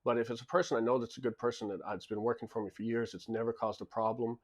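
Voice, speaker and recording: A man's voice: medium pitch, fairly even intonation, racing. A man who owns a club tells stories in a casual monologue, blunt and emphatic, often repeating words as he restarts sentences. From lives in Japan. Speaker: club and bar owner.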